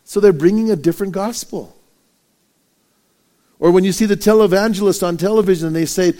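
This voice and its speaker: Male pastor, animated sermon delivery, slightly high voice, acts out stories. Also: brisk, pauses often. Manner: animated preaching with rhetorical questions and acted-out anecdotes.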